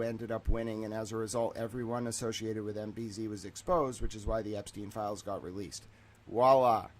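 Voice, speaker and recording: Excitable rambling man streamer. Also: on the low side, slight background noise. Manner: excitable, digressive, shifts between loud and mumbled. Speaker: streamer host. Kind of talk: rambling monologue.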